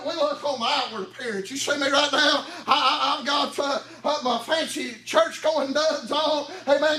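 A man preaching a fervent sermon in church, chanting with a gasped "huh" after phrases and often shouting. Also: very high-pitched. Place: church sanctuary. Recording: echoey, distant mic, congregation audible.

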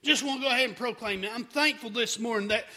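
A man's voice: very high-pitched, fast talker, bright, forceful tone. A man preaching a fervent sermon, often breaking in with "hey" and restarting his sentences.

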